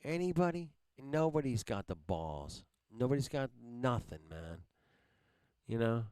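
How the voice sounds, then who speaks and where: A man's voice: medium pitch, big pitch swings, a little slow, darkish tone, smooth, dry recording. A man hosting a livestream, ranting angrily at his viewers in heavy profanity and ending phrases with "man". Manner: heated, heavily profane, repeats "man". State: angry. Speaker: livestream host. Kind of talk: angry livestream rant at viewers.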